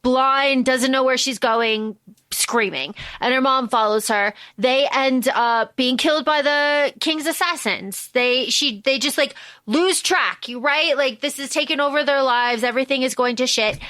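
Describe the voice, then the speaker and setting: Woman podcast co-host, high bright voice, close dry sound, animated recap that swears freely. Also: a little slow, no echo. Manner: animated storytelling, acts out characters' lines, swears freely. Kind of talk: casual movie recap chat.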